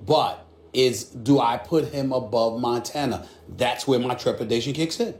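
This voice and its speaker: A man's voice: mid-range voice, normal speed, a little mellow. Man, sports debate rant, emphatic, repetitive, echoey room. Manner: emphatic, ranting, repeats himself.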